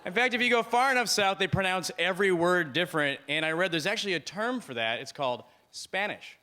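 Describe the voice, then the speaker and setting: A man from Missouri works through a stand-up set with dry, deadpan timing. His voice is fairly high and very bright, with a crowd audible in the room. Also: brisk. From Missouri, USA. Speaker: stand-up comedian.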